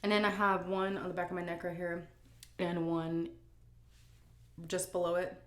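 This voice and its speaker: A woman's voice: lowish voice, flat delivery, moderate pace, reverberant. A woman vlogger chatting frankly while she eats, reading out viewer questions and answering them. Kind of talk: casual chat while eating.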